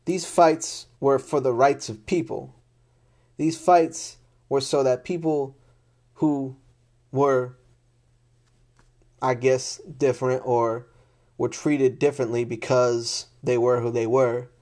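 A man speaks at a medium pitch in a steady, slightly mellow voice, moving slowly with long pauses. He's ranting to camera off the cuff, blunt and exasperated, swearing heavily and repeating himself out of frustration.

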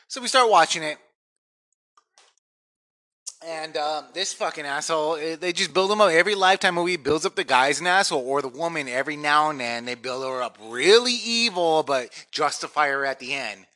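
A man's voice: on the high side, fairly quick, bright, forceful tone. A brash man co-hosting a casual podcast, joking and swearing a lot as he banters. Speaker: podcast co-host.

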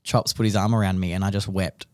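Young australian man, podcast co-host, rambling and emotional, lowish voice, dry close sound. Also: steady tone, fast, no echo. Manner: rambling, emotional storytelling with many restarts. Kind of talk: casual podcast chat.

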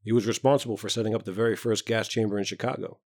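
A man narrating a story in a measured, even way. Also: lowish voice, dry recording, clean studio sound.

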